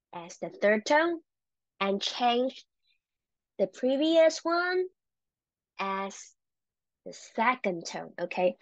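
A woman teaching a Chinese language lesson, encouraging and repeating words slowly for learners. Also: fairly high pitch, no echo.

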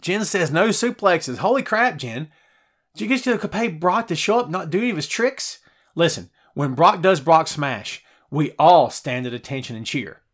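A middle-aged man hosts a live show and talks straight to his viewers. His voice sits a little high, and he jokes, teases and gets animated as he reads out their comments. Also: normal speed. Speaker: podcast host. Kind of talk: live wrestling preview show, reading chat.

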